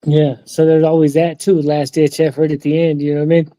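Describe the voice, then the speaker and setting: A man's voice: on the high side, flat delivery, a little fast, warm tone, no room sound, low-quality recording. A young man chatting casually on a livestream, slangy and swearing, laughing often. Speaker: streamer. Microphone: streaming mic.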